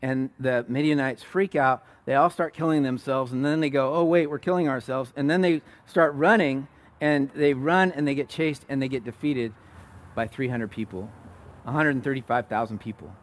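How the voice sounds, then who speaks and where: A man preaching a sermon as pastor, conversational, rising to loud emphatic peaks and dropping to soft low asides. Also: moderate pace.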